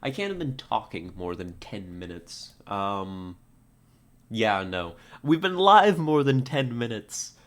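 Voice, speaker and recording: A man's voice: lowish voice, big pitch swings, slow pace, fairly bright tone. A man streaming live, chatting casually with viewers, laughing often and stumbling over his words. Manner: giggly, stammering, reads out chat puns.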